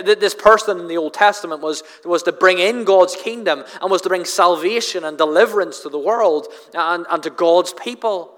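Earnest preacher in a reverberant hall. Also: male voice, a little high, fairly bright tone. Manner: earnest, repeats words when emphasizing. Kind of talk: expository sermon.

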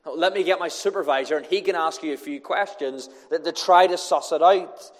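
A preacher doing a puzzled angel at the gate. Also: male voice, on the high side, normal speed, in a large hall, lightly acted. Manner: incredulous questions.

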